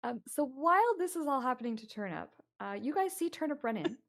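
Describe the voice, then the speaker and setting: A woman's voice: high-pitched, very animated, a little fast, vocal fry. A woman narrating as dungeon master in a tabletop game, chatty and full of fillers. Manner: chatty, laughing, many fillers.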